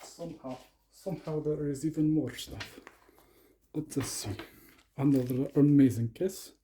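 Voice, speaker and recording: Dark-voiced joking male unboxer. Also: fairly high pitch, measured pace, a little hiss or hum. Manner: playful, slips into a mock Russian persona. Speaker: vlogger unboxing lock picks. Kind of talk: comic unboxing commentary.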